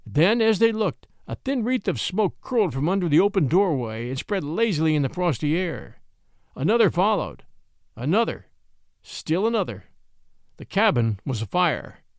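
Animated male storyteller, dry sound. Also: a little high, normal speed, no room sound. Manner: dramatic, animated reading. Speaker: audiobook narrator and podcast host. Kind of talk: expressive storytelling narration.

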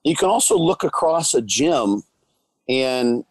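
A man speaking as a guest in a casual discussion, measured and a little hesitant, restarting his words. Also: medium pitch, animated, husky, no echo, rough recording. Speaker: guest, coach.

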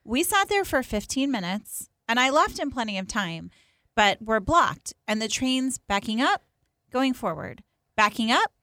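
Animated woman telling a story, dry sound. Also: a little high, dry recording. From East Coast of the US. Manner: animated storyteller, quick asides and acted-out quotes. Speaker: podcast co-host. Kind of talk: casual chat.

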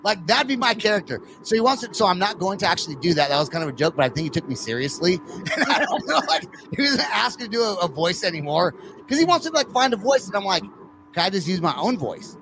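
A man's voice: sits high, quick pace, background noise. A middle-aged man hosting a podcast, telling profane stories in a loose, laughing chat. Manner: profane, laughing, animated storyteller. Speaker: podcast host. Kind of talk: casual chat.

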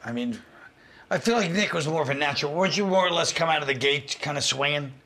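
A man chatting casually as a comedian guest, telling stories with lively acted-out voices. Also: fairly high pitch, fast. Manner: animated storyteller who acts out the people in his stories. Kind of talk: casual chat, storytelling.

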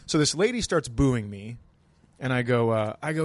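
A man's voice: medium pitch, lively intonation, brisk, no echo. A man casually telling a long anecdote in a laid-back, dry way, as a podcast guest. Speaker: stand-up comedian guest. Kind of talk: casual storytelling.

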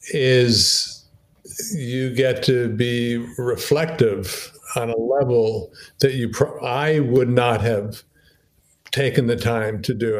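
An older man talking as an interview guest, thoughtful and self-deprecating, often restarting his sentences as he reflects. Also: medium pitch.

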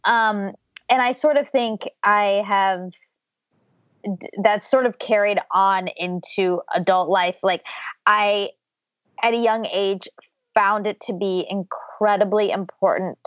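A woman's voice: medium pitch, steady tone, slow, a bit bright, no echo. A young woman from Georgia talks through her childhood as a podcast guest, reflective and chatty, often laughing. Her voice is recorded dry with a slightly dull, lo-fi sound. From Georgia, USA. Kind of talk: casual interview storytelling.

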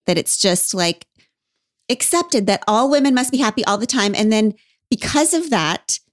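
A woman's voice: fairly high pitch, animated, moderate pace, no echo, studio quality. A woman hosting a podcast in casual chat, wry and emphatic, laughing often. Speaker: podcast host.

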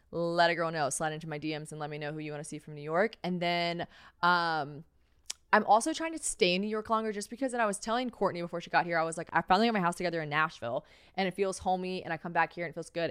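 A woman's voice: on the low side, smooth, no room sound, clean studio sound. A young woman hosting a podcast solo, chatty and profane, telling stories with lots of fillers and sounding worn out. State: tired. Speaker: podcast host.

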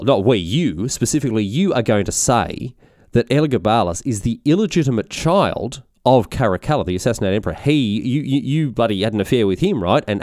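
A man's voice: fairly low pitch, darkish tone, dry recording, studio quality, natural voice. A man voicing a scheming older grandmother, talking in a blunt, matter-of-fact way.

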